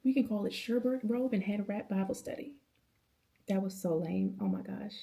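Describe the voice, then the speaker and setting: A woman's voice: medium pitch, normal speed, vocal fry, dark tone. A woman in her thirties talking to camera at home in a casual, passionate, rambling late-night Bible chat, using slang and calling viewers y'all. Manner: passionate, rambling, with many restarts and laughs. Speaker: vlogger. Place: at home indoors.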